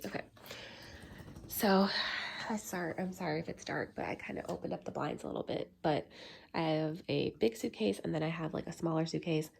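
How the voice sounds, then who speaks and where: A woman's voice: low-pitched, fairly quick, gravelly, slight background noise. A young woman chatting casually at home for her vlog, a little congested and nasal, with plenty of fillers. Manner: chatty, filler-heavy, speaks softly at times. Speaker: vlogger. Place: at home, bedroom.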